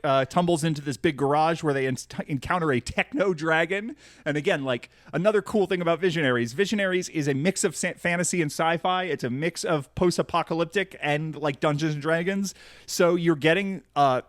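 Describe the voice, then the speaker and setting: Rambling podcast host, slightly high voice. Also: male voice, no echo, studio quality. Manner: rambling, with frequent fillers and restarts. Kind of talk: casual podcast chat recapping a cartoon.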